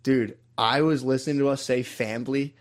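A man's voice: medium pitch, fairly even intonation, moderate pace. Crude, laughing young man. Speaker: podcast co-host. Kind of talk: casual chat.

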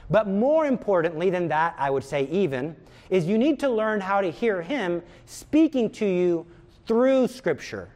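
Emphatic male prayer teacher, high-voiced, earnest. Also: expressive, measured pace, a little mellow. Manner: earnest and emphatic, repeats words for stress. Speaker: religious teacher.

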